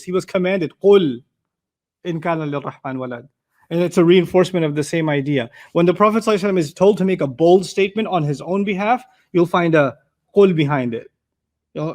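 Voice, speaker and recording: Casting: male Quran teacher, high voice, relaxed chatty lecture style, quick Arabic quotes. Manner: conversational, explains with everyday examples and repeated restarts; recites Arabic verses quickly. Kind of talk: tafsir lecture.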